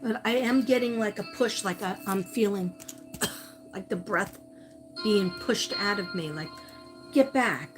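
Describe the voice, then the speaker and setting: Slow-speaking woman psychic, music behind. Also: mid-range voice. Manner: searching, repeats names while calling out to the missing. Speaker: psychic medium. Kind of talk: livestream psychic reading.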